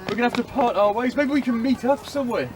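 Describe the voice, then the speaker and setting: A man's voice: very high voice, fast, pitched above the performer's own voice. A man voicing a worried male sailor who stammers and frets over parting from his companions. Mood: fretful. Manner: stammering, fretful. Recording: distant mic outdoors with crowd noise.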